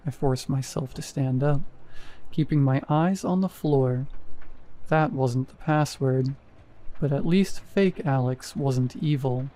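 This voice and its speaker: Mellow man narrating a horror story. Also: medium pitch, takes it slowly, low-quality recording. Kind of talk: scripted narration.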